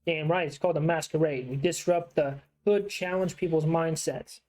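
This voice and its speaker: A man's voice: fairly high pitch, fairly even intonation, moderate pace, darkish tone, close to an everyday voice. A man voicing a rude, swaggering young punk gang member while reading game dialogue aloud. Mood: cocky.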